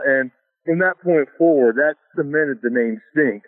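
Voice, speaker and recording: A middle-aged former pro football lineman from Alaska, his voice fairly high-pitched, talks at a moderate pace in a casual interview. The tinny, dry phone line has no echo, and he tells his stories in an easygoing way, chuckling and saying "you know" often.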